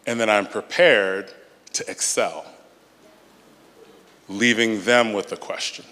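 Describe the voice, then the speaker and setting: A man with a lowish voice answers questions from the audience at a conference. His delivery is measured and emphatic. The sound rings through a large hall with a long reverb. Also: steady tone, pushed and bright. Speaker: conference speaker. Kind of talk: Q&A talk at a church conference.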